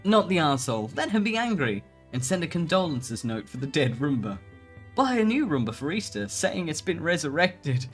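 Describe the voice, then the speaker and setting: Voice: medium pitch, big pitch swings, moderate pace, faint music behind. A streamer chatting casually while reading posts aloud, laughing often and swearing casually. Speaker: VTuber streamer.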